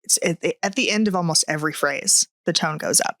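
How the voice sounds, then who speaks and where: A woman's voice: on the low side, brisk, dry recording, clean studio sound. A middle-aged woman co-hosting a podcast, telling workplace stories casually and laughing often. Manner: giggly, animated storytelling. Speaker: podcast co-host. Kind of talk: casual chat.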